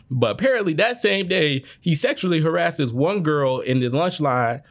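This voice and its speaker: A man's voice: fairly high pitch, lively intonation, moderate pace, few pauses. A man from Michigan casually telling stories on a podcast, loose and profane, laughing through them.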